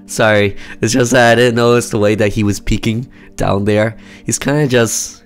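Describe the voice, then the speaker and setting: A man reading a horror game's text aloud and commenting on it, with frequent laughs. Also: steady tone. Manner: slow, low, laughs at the game. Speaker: game streamer.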